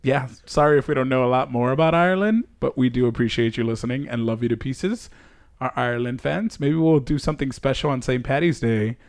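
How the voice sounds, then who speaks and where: A man's voice: medium pitch, fairly quick. A man co-hosting a podcast, joking around in casual group chat and laughing often. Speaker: podcast co-host.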